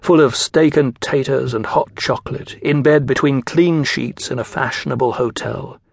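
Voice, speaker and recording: A man narrating an audiobook in measured storytelling style. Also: mid-range voice, gravelly, husky, no echo. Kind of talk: scripted narration.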